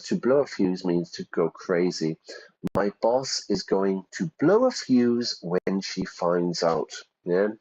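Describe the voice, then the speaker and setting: Husky low-voiced male English teacher. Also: a little mellow. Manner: reads game text aloud and explains words. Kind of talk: English lesson while playing a video game. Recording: dull lo-fi recording.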